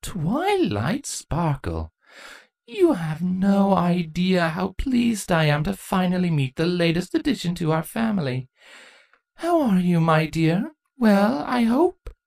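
A woman voicing a scheming older female changeling queen who speaks slowly with fake cheer, in a fan fiction reading. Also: on the low side, big pitch swings, vocal fry, darkish tone, dry recording, voice pushed up, full character voice. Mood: mock sweet. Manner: slow, drawn-out fake cheer.

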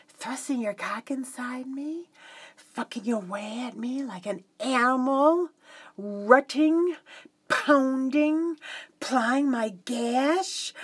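Breathy high-voiced woman in erotic role-play. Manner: breathy, teasing, drifting between hushed whispers and moans; mock-formal customer service politeness. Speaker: adult audio performer.

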